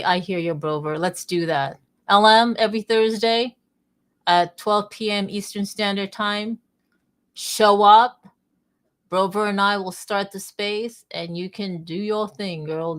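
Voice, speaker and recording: Chatty woman hosting an online audio room, bubbly and playful. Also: mid-range voice. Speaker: host. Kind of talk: casual online audio chat.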